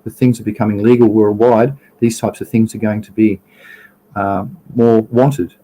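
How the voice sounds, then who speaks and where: A man's voice: on the low side, little pitch movement, moderate pace, mellow, rough recording. An Australian man hosting a casual livestream, rambling through slides, trailing off and restarting, greeting viewers in chat. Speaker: livestream host.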